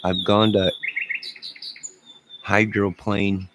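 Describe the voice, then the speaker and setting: Deep-voiced middle-aged man rambling. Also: little pitch movement, very slow, background noise. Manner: rambling, joking, bantering with chat. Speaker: livestream host. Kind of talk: rambling live chat. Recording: loud birdsong behind voice. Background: loud birds chirping.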